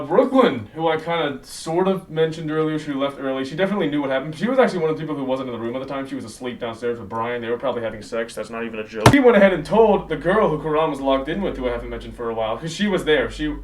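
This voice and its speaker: Rambling teenage guy, distant mic. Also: medium pitch. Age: late teens. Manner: rambling, self-correcting, slangy. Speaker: vlogger. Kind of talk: casual storytelling to camera. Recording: slightly distant mic, faint noise.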